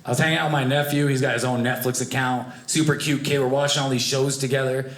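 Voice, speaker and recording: A young man doing a stand-up comedy set, animated and acting out the people in his stories. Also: medium pitch, fast talker. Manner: animated, acts out voices of family and strangers. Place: comedy club stage with live audience. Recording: echoey club room, noisy audience.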